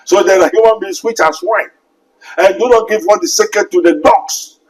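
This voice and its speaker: High-voiced Ghanaian man preaching. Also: normal speed, low-quality recording. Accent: Ghanaian English. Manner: emphatic preaching with scripture quotes and rhetorical questions. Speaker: pastor. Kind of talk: sermon.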